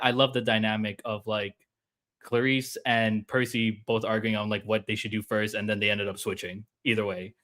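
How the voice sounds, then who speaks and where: A man joining as a guest panelist, talking in an excited, rambling way over a video call. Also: on the low side. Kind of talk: casual fan discussion.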